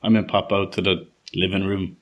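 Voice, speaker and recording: A man's voice: sits low, flat delivery, brisk. A man co-hosting a podcast, chatting casually, swearing freely and laughing at his own jokes. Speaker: podcast co-host. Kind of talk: casual chat.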